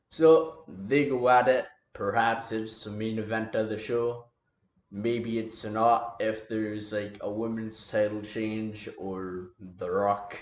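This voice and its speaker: A man's voice: lowish voice, fairly even intonation, takes it slowly, roomy sound. A man casually talking through an imagined wrestling storyline as a fan booker, in a loose, rambling way with lots of filler words.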